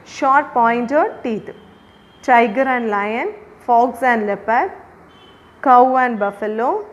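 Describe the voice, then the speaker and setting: Slow, letter-spelling woman teacher. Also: a little high, a little hiss or hum. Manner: slow, dictating answers and spelling words letter by letter. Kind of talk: recorded revision lesson.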